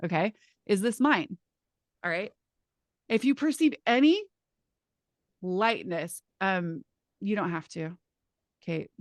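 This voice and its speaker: A woman teaching a live class in a casual, lively way, swearing now and then and restarting her sentences. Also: mid-range voice, slow, pauses often, dry recording, studio quality. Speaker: class facilitator.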